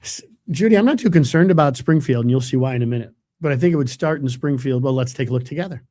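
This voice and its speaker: The middle-aged weatherman's voice is mid-range and a little mellow, expressive and quick. Hosting a live webcast, he reads viewer comments and chats loosely, rambling, self-deprecating, and full of fillers.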